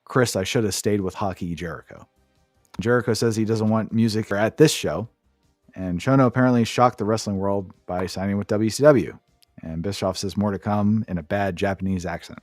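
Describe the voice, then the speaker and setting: A man's voice: fairly low pitch, brisk, a little mellow, no room sound, studio quality, soft background music. A man co-hosting a podcast, giving a sarcastic, profane play-by-play recap in casual chat. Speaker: podcast co-host.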